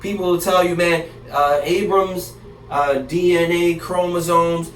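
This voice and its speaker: A man's voice: high voice, unhurried. A man teaching from the Bible in a casual, slang-filled way, talking straight to his listeners and reading verses aloud. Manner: slangy, animated, talks to the audience directly. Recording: echoey room, distant mic, faint hiss.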